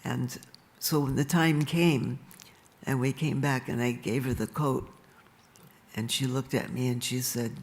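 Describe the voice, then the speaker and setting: An older woman speaking at a live event, telling stories about her life in an unhurried way and laughing softly now and then. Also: very deep voice, fairly even intonation. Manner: slow and unhurried, with soft laughs. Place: stage in a large venue.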